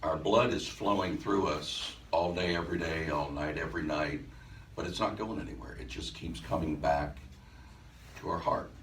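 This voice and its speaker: A man presenting at a workshop, telling a story to a live audience in an animated way and laughing as he goes. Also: low-pitched, moderate pace, a little hiss or hum. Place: event room at a center. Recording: echoey room, mic some distance off.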